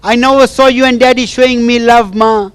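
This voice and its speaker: A man's voice: very high voice, steady tone, brisk, clean tone, dry recording, voice pushed up. A man acting out a young wife who cries and pleads with her absent mother. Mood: pleading. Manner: tearful, pleading, repeating "Ma".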